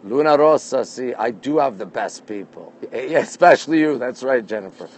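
A man's voice: medium pitch, expressive, fairly quick. A man from Canada hosting a live phone stream from his rooftop at night, chatting upbeat and greeting viewers by name. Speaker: livestream host. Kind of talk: live-stream chat reading viewer comments. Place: rooftop deck outdoors at night. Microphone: phone held in hand.

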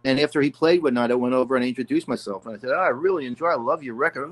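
Older guy rambling thru music stories, lots of you know, talks in a middle-pitched voice. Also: rapid-fire, hardly any pauses. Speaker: guest musician. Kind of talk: casual storytelling interview.

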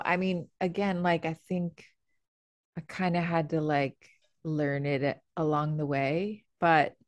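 A woman's voice: low-pitched, a little mellow, no room sound. A woman guest on a podcast, chatting casually and laughing often with lots of fillers. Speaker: actor and comedian guest.

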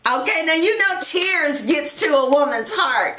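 A woman's voice: high-pitched, expressive, a little slow, pushed and bright, roomy sound, a little hiss or hum. A woman giving a casual tarot reading, chatty and playful, who laughs often and calls listeners honey and darling. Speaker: tarot reader.

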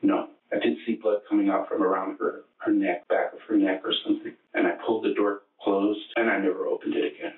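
A man being questioned as a suspect, recounting events in a halting, matter-of-fact way with many restarts. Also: lowish voice, flat delivery. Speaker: murder suspect under questioning. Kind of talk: interrogation testimony. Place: police interrogation room. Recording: echoey, distant, tinny archive recording.

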